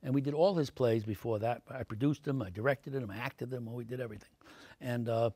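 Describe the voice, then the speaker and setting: An older man, an actor answering interview questions with lively anecdotes full of fillers, in a TV studio. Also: mid-range voice, brisk, slightly rough, dry recording. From Brooklyn, New York. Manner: animated anecdotes, many fillers, acts out quoted voices.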